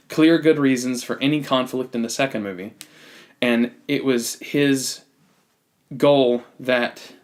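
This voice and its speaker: Male podcast host, mid-pitched, casual and opinionated, blunt critic who restarts sentences often. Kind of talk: casual movie review chat.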